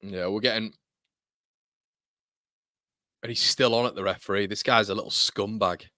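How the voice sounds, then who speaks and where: A man's voice: lowish voice, fairly even intonation, pushed and bright, dry recording, clean studio sound. A man hosting a live football watchalong, reacting to play with heated, exasperated rants and frequent swearing. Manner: rapid reactions to the action. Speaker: football fan channel host. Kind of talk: live match watchalong commentary.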